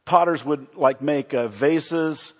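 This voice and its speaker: A middle-aged man preaching a sermon as a pastor, moving from loud, excited emphasis to soft, quiet storytelling. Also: fairly high pitch, slow pace. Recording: long hall reverb.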